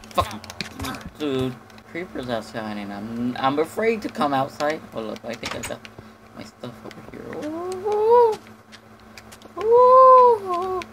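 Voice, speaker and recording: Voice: medium pitch, big pitch swings, normal speed, noisy background. A gamer giving casual, jumpy commentary on his own play, with lots of swearing, panicked yelps and idle humming. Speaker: lets-play host.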